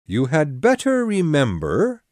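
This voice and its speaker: A woman reading an audiobook voices a pompous, fussy old king presiding over a trial in a deep, gruff, commanding tone. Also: huge pitch swings, measured pace, a little mellow, dry recording, studio quality, full character voice. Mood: stern.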